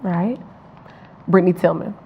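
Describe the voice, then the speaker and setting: A woman interviewing a guest in casual conversation, encouraging and quick to affirm what he says. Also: lowish voice, vocal fry, a little hiss or hum. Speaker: student interviewer. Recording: dull lo-fi recording.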